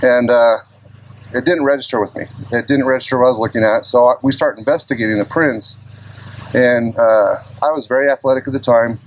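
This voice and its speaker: A man telling a personal story at an open mic in a casual, rambling way, clearing his throat often and jumping ahead of himself. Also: mid-range voice, fairly even intonation, a little fast, poor audio. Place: outdoor gathering open mic.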